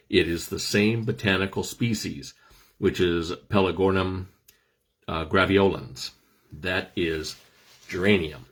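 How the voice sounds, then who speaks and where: A man's voice: low-pitched, husky. A middle-aged man hosting a casual talk on essential oils, explaining things with dry, self-deprecating jokes. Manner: joking, self-deprecating asides. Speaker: host.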